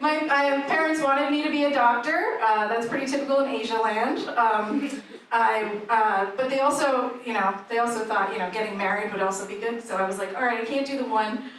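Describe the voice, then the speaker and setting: A woman comedian with a high voice tells dark jokes in a dry, deadpan way. The club sound is very echoey and distant, with audience noise behind her. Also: fairly quick. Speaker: stand-up comedian. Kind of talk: stand-up comedy set.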